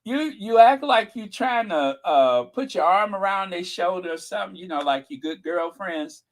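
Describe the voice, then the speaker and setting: Man, channel host, sassy gossip commentary, slightly high voice, very expressive. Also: moderate pace, low-quality recording. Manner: sassy, animated, mocking.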